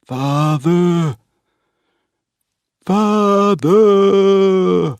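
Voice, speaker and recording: A man voicing a heavy, sullen young farmer who speaks slowly and heavily. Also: low-pitched, animated, slightly rough, no room sound, exaggerated voice. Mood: terrified. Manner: heavy and slow, then shouting.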